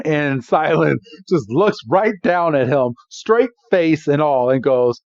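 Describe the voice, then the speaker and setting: A man's voice: fairly high pitch, animated, takes it slowly, darkish tone, dry recording, highs cut off. A man co-hosting a podcast, recapping an episode in casual chat, chatty and laughing often with lots of filler words. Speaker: podcast co-host.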